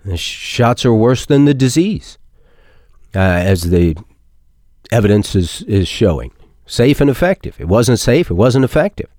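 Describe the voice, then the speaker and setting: A male Bible teacher preaches with strong emphasis, stretching out key words and building force when he quotes scripture. His voice sits in a middle pitch. The sound is dry and close, with no room echo. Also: sing-song, measured pace, darkish tone. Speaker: Bible teacher hosting a program. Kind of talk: sermon.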